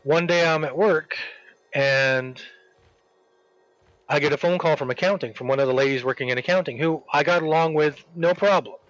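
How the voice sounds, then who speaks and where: Slightly high-voiced man rambling through a story. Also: normal speed, no echo, muffled recording. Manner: rambling, animated retelling with acted quotes. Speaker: streamer telling a story. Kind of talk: casual storytelling chat.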